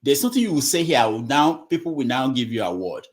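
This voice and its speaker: Speaking fast with big swings in his medium-pitched voice, a middle-aged man moderates an online discussion casually. He keeps repeating himself while lecturing and scolding the listeners.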